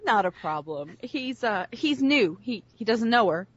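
A woman voicing a calm, matter-of-fact shopkeeper answering questions. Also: on the high side, a little slow, highs cut off. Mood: helpful.

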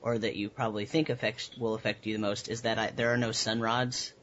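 A man's voice: on the low side, level tone, a little fast, fairly bright tone, dull audio, a little hiss or hum. A man acting as dungeon master, chatting casually and explaining rules with plenty of fillers. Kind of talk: casual tabletop game talk.

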